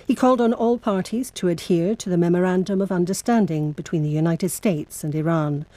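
Woman newsreader, formal and measured, low-ish mellow voice, dry studio sound. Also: dry recording. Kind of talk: scripted news bulletin.

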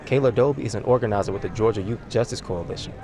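A male reporter reading a quick, scripted field piece in a mid-pitched voice. A loud crowd murmurs behind him. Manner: brisk, scripted narration.

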